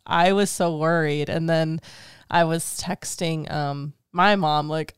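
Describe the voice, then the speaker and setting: A woman's voice: on the low side, steady tone, normal speed, smooth, no echo, clean studio sound. A woman co-hosting a casual podcast, chatty and emotional as she tells a story, laughing easily. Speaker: podcast co-host.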